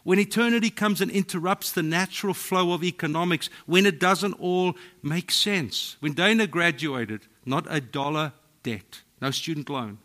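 A middle-aged South African man, a pastor preaching a sermon, telling stories in a voice that drops to a hush and then rises to loud exclaiming. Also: a little high, moderate pace, few pauses. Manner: storytelling, swings from hushed to exclaiming.

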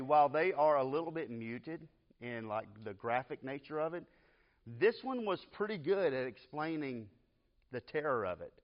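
A man teaching a church Bible class, telling a personal family story in an earnest, emotional, conversational way. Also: medium pitch. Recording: dull lo-fi class recording.

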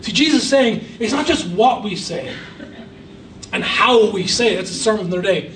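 A man's voice: high-pitched, expressive, a little fast, fairly bright tone, reverberant, far from the mic, slight background noise, rough recording. A man preaching a sermon as a guest pastor, emphatic with humorous asides. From Ireland. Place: church hall.

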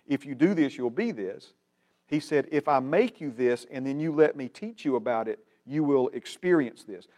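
A man from Alabama with a Southern American accent, teaching a Bible class in a folksy, casual way and repeating key phrases slowly for emphasis. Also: a little high, darkish tone. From Alabama, United States.

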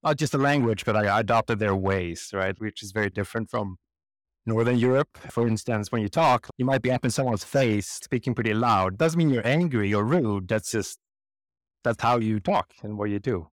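This Swedish interview guest has a lowish voice and talks at a normal speed in a dry recording. Animated, he tells stories in a conversational way and mimics the voices of those he quotes.

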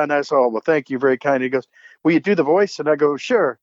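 A man's voice: mid-range voice, fast, no room sound. An older man, a voice actor guest, chatting casually and telling playful stories. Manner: playful storyteller, slips into character voices. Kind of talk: casual interview chat. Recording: dry, dull lo-fi remote audio.

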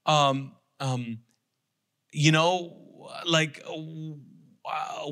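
Man, pastor, conversational sermon, fairly high voice, bright and forceful tone, animated storytelling. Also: takes it slowly. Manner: conversational, animated storytelling with sarcastic acted quotes.

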